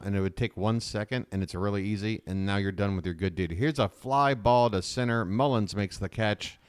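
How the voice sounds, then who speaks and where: Chatty low-voiced man calling baseball. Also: smooth, dry recording, clean studio sound. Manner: chatty, rambling, excitable on big swings. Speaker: fan play-by-play streamer. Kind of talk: live baseball play-by-play and commentary.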